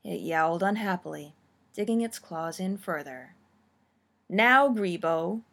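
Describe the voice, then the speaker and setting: A woman narrating a story with a steady, expressive reading. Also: fairly low pitch, normal speed, vocal fry.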